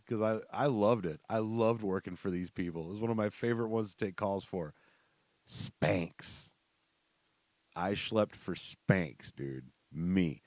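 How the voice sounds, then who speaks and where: A man's voice: deep voice, darkish tone, dry recording. A man hosting a podcast, casually telling profane, joking work stories. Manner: profane, joking, laughing asides. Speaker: podcast host. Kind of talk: casual storytelling.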